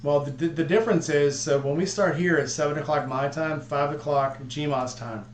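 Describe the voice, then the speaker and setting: Chatty host in an echoey room. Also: male voice, a little high, moderate pace. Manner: rambling, chatty, with frequent restarts and jokes. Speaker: livestream host. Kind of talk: casual group chat on a livestream. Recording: echoey room with faint hum.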